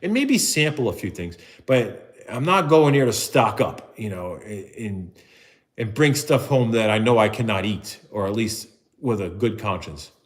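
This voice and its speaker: A man's voice: fairly low pitch, measured pace. Casting note: a middle-aged New man, chatty, rambling, self-mocking live-streamer. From New Jersey. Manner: rambling, self-mocking, jumps into excited put-on voices. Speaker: vlogger doing a live stream. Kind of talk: casual live-stream chat.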